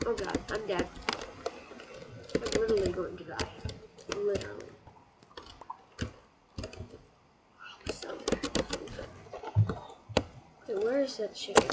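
A woman's voice: medium pitch, slow pace, long pauses, heavy background noise. A woman giving casual let's-play commentary, chatty and bursting into frustrated shrieks. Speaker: gameplay commentator. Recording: loud keyboard clatter. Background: keyboard typing clicks.

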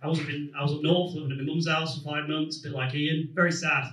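A young man from Manchester with a Manchester accent doing a stand-up comedy set, animated and swearing freely. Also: on the high side, fast, echoey room, far from the mic, low-quality recording. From England. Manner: animated, swears freely, shouts put-on voices. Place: comedy club stage.

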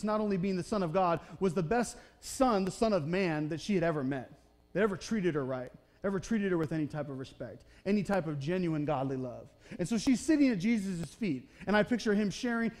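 In a church sanctuary, a pastor with a high, darkish-toned voice preaches in a casual, chatty way. Retelling the story, he keeps checking in with "okay?" and "right?" and acts out Bible characters' voices in short quotes.

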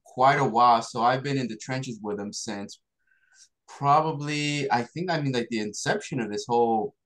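A man's voice: mid-range voice, normal speed, fairly bright tone. A man, the film's motion graphics artist, talking in a laid-back, enthusiastic way on a video call. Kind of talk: casual video call chat.

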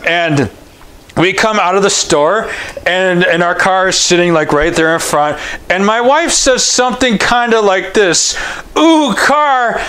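High-voiced man preaching casually. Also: unhurried, bright, forceful tone, a little hiss or hum. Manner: chatty and joking, with frequent restarts. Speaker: pastor. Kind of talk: conversational sermon.

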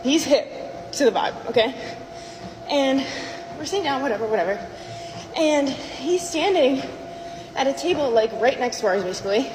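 A woman's voice: sits high, expressive, normal speed, long pauses. A woman telling a casual storytime in an indignant, disbelieving way. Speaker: storyteller in a played clip. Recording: echoey room with faint background noise.

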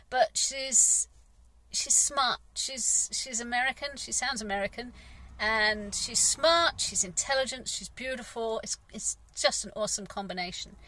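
A woman's voice: fairly high pitch, pushed and bright. A middle-aged English woman and gardener, talking in a frank, rambling personal vlog with sighs and the odd swear word. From England. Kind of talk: casual personal vlog monologue.

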